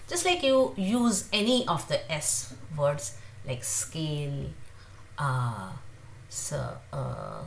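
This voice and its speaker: Woman teacher, lowish voice, halting delivery with fillers, faint room hum behind. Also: huge pitch swings, gravelly. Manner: repeats each sound slowly many times. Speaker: language teacher. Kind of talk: beginner pronunciation lesson.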